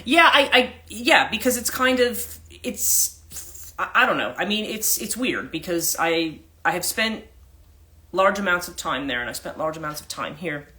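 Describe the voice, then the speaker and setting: A woman's voice: on the low side, lively intonation, measured pace, pushed and bright. A woman from the USA with a mixed central New Jersey and British accent, chatting casually as a life coach on a livestream, rambling with many restarts and fillers. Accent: mix of central New Jersey and British.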